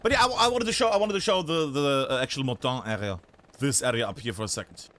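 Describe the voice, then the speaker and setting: A man's voice: mid-range voice, fast, a bit bright. A man streaming a game live, chatting and thinking aloud as he looks around a map, often breaking off mid-sentence.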